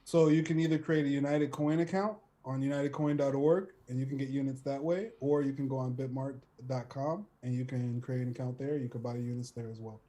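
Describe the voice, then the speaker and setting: A man's voice: mid-range voice, fairly even intonation, fairly quick, hardly any pauses, mellow. Laid-back, agreeable male co-host. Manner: laid-back, agreeable, says "man" often. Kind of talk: casual livestream chat.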